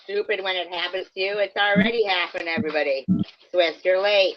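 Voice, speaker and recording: A woman's voice: on the low side, fairly even intonation, a little fast. A woman chatting on a livestream, blunt and crude in her jokes. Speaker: livestream co-host. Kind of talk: casual late-night banter. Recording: slightly dull lo-fi audio.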